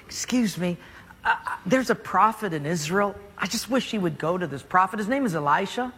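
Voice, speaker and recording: A man's voice: high-pitched, expressive, brisk, a bit bright, husky, heavily acted. A man voicing a polite, hopeful young slave girl in a reverberant hall.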